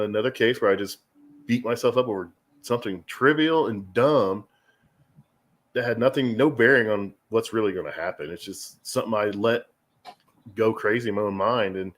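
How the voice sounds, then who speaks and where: A man's voice: on the low side, moderate pace. A middle-aged man chatting casually on a podcast, candid and self-deprecating, rambling with frequent restarts. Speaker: guest.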